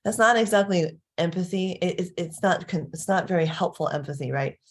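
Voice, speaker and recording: A woman's voice: fairly low pitch, fairly quick. A woman giving a casual parenting lesson in a chatty way, laughing often and checking in with her listeners. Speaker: parenting coach. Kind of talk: casual teaching talk.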